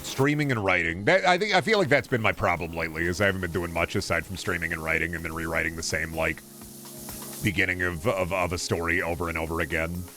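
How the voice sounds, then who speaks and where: A man's voice: low voice, fast talker, music in the background. A man streaming a game, chatting casually in a rambling, profane, jokey way.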